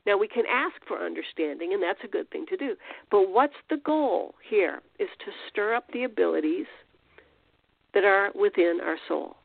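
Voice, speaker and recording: A woman's voice: medium pitch, lively intonation, moderate pace, creaky, dry recording. A woman hosting a podcast and giving an informal spiritual teaching in a rambling, conversational way with restarts and fillers. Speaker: podcast host. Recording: tinny phone-line audio.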